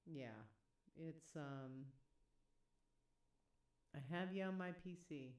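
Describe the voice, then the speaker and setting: A woman's voice: sits low, slow, a little mellow. A woman streamer chatting casually about her music setup, rambling, trailing off and laughing often. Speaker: livestreamer making music. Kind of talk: casual livestream chat. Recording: roomy, distant mic, faint music behind.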